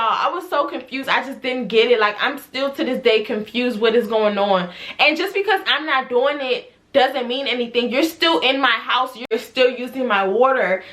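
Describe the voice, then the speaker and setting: A young woman tells a storytime vlog to her camera, exasperated and animated. Her voice sits high and sounds bright and clear. She keeps firing off rhetorical questions about a client. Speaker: hairstylist and vlogger.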